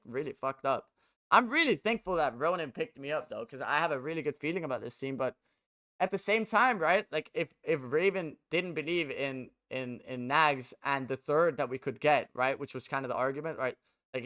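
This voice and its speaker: A man's voice: medium pitch, a bit bright. A young man who plays esports and streams, ranting casually to his viewers, agitated and profane, with many stumbles and restarts.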